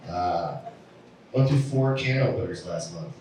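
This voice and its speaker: A man doing a stand-up set, telling stories in a deadpan way and acting out the people in them. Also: low voice, measured pace, very noisy. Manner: deadpan storytelling with acted-out voices. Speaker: stand-up comedian. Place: comedy venue. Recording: echoey room from a distant mic.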